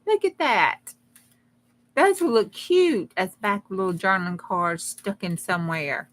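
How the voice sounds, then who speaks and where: A woman's voice: mid-range voice, sing-song, moderate pace. A woman hosting a live crafting stream, chatting casually and rambling with folksy humor. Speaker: crafting livestream host. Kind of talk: casual livestream chat.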